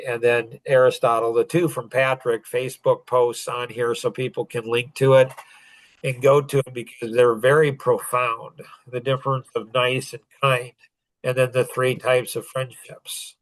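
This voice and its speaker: A man's voice: mid-range voice, no room sound. A man in his forties, a self-improvement speaker, telling a personal story in an earnest, rambling way with many restarts.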